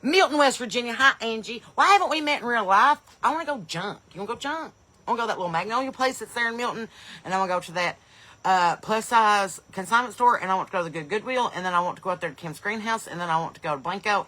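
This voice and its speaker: A woman hosts a live stream in an easy, chatty way. Her voice is bright and forward, and she calls out viewers' places with eager, loud bursts before talking on casually. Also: mid-range voice, animated, quick pace. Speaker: comedian and podcast host.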